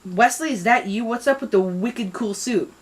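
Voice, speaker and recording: A woman's voice: fairly high pitch, moderate pace, voice pushed up, close to an everyday voice. A young woman voicing a casual young girl, reading her lines in a breezy, chatty way.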